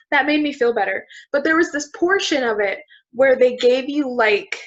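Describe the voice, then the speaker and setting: A woman's voice: high voice, lively intonation, fairly quick, hardly any pauses. A young woman co-hosting a casual chat, talkative and self-deprecating, laughing often. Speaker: podcast co-host. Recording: dull lo-fi recording.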